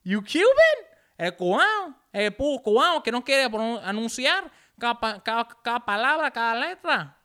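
A man putting on a high-pitched, mock-accented voice to play his uncles teasing him. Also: wildly swooping pitch, unhurried, a bit bright, exaggerated voice. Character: mocking uncle teasing a mumbling speaker.

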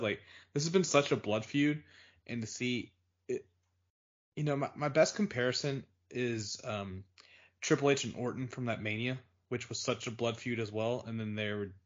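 A man co-hosting a casual podcast, rambling and filling his speech with "like". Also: medium pitch. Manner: rambling, fills with "like". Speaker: podcast co-host. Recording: dull lo-fi audio.

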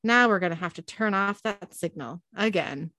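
A woman reading the lines of a sly male demon torturer, in a mock-gentle, taunting way, during a show recap. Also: medium pitch, moderate pace, no echo, clean studio sound, lightly acted.

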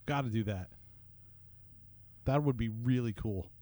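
A man co-hosting a casual podcast, his voice mellow and warm at a middle pitch. He jumps in eagerly, talking in quick bursts. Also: no echo. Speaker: podcast co-host. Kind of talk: casual chat. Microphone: headphones on.

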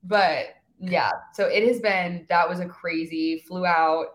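A young woman in her twenties chats as a podcast guest, her voice sitting a little low. She keeps acting out little quoted exchanges and scatters fillers everywhere. Her voice carries a noticeable room echo. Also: a little slow. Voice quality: valley-girl filler talk, animated quoting. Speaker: guest influencer. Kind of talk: casual chat.

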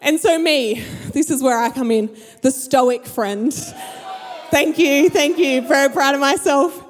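This is a young woman, speaking high in her range. She tells a story to an audience in a large hall and acts out the people in it. Her voice carries a long reverb from the room. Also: measured pace. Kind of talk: storytelling talk to a live audience.

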